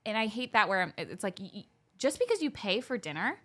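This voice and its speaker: A woman's voice: mid-range voice, a little fast. A young woman co-hosting a podcast, telling a story in casual chat and acting out the quoted lines. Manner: animated, acts out quoted dialogue. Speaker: podcast co-host.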